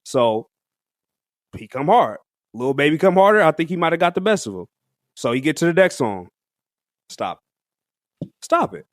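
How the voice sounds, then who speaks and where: A man's voice: a little high, big pitch swings, normal speed, long pauses, dry recording, clean studio sound. Slangy laughing podcast man. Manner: slangy, laughs often, rambling restarts. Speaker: podcast co-host. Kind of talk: casual music review chat.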